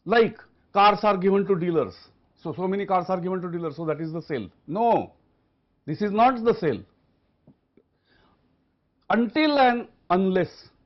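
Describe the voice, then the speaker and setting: A man lectures in a high voice, hammering home each point and circling back to it again and again. He poses rhetorical questions to his listeners. The recording sounds muffled and lo-fi. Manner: emphatic, repeats key points, asks rhetorical questions. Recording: dull lo-fi recording.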